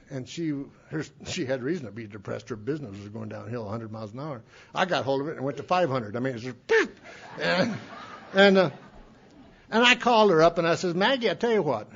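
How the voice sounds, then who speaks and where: A man from Montana tells a long story at a recovery meeting in a loose, folksy way. He restarts his sentences and chuckles as he goes, in a voice slightly higher than most men's. The sound is dull and lo-fi, like an old cassette recording. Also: husky. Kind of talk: storytelling talk.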